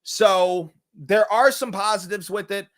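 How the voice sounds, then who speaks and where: A man hosting a movie review show in casual chat, animated and jokey, often swearing and acting out scenes. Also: high voice, measured pace. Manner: animated, jokey, profane, acts out scenes in put-on voices. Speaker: podcast host reviewing movies.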